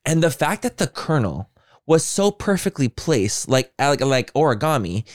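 Guy on a podcast telling a wild story, pitch all over the place, cussing a lot, plays out every reaction. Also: normal speed. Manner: animated storyteller, swears freely, acts out his own reactions. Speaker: podcast co-host. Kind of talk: casual chat.

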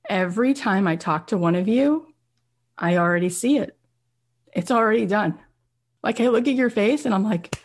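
A woman's voice: medium pitch, normal speed, slightly rough. A woman podcast host and business coach giving an emotional, effusive motivational talk, peppered with "right?" and "you guys".

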